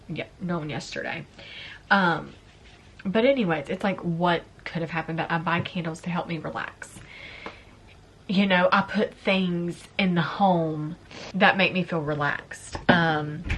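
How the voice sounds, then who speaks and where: A woman in her thirties with a slightly low voice chats casually through a makeup vlog at home. She tells a personal story openly and turns emotional and tearful along the way, her speech loose and full of fillers. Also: a little hiss or hum. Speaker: beauty vlogger. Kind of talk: casual chat.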